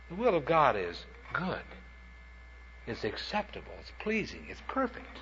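A man's voice: sits high, very animated, moderate pace, pushed and bright, a little hiss or hum. A man preaching a sermon, telling short anecdotes in a plain-spoken, punchy way. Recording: dull lo-fi recording.

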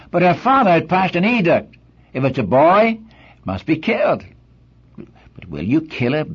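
An older man preaching as a pastor, telling folksy stories and asking his listeners rhetorical questions, in a husky voice. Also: mid-range voice, huge pitch swings, normal speed, pauses often, muffled recording. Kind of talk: sermon.

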